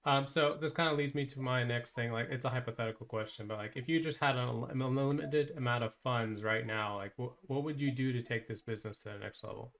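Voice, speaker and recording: A man's voice: mid-range voice, a little fast, hardly any pauses, fairly bright tone. A man who buys businesses, asking questions casually with lots of fillers.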